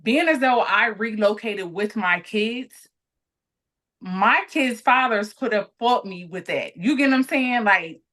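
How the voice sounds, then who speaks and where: A woman in her late thirties, a podcast guest, talking candidly and reflectively in relaxed conversation. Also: mid-range voice, unhurried. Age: 30s.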